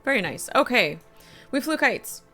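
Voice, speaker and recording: A woman's voice: fairly high pitch, sing-song, moderate pace, pushed and bright, faint music behind. Chatty middle-aged woman game streamer. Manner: chatty, thinks aloud, reads quest text aloud. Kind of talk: casual live-stream commentary.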